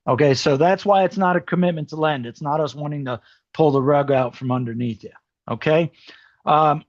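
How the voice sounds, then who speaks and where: A man with a fairly high voice runs a seminar in an easygoing, conversational way, full of ums and "okay?" check-ins. His voice sounds a little worn. The sound is dry and close but muffled and dull. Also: no echo. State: voice starting to go. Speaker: mortgage specialist presenting a seminar. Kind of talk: explaining to an audience, informal presentation.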